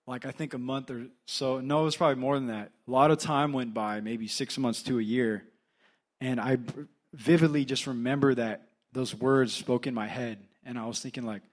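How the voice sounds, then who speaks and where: A man's voice: medium pitch, steady tone, moderate pace. A young man with a Californian accent, an assistant pastor telling a personal story in a casual sermon full of fillers. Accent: Californian English. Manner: conversational, filler-heavy storytelling. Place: church.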